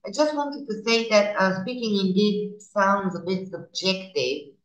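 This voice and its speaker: A middle-aged woman co-leading an online teacher training session, explaining in a measured way over a video call. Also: medium pitch. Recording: echoey room on a video call.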